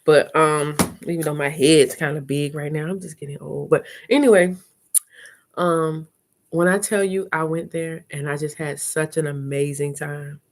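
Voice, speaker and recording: A middle-aged woman hosting a live chat, telling stories in a frank, animated way and acting out her own reactions. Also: deep voice, normal speed, slight background noise. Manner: frank and salty, with slangy talk. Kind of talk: casual live-stream storytelling.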